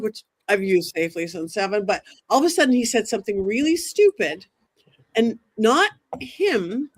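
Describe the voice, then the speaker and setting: A woman, a psychic medium as a guest, telling a dramatic story in an animated way and acting out what people said. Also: high-pitched. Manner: excitable, quotes herself and others in dramatic asides.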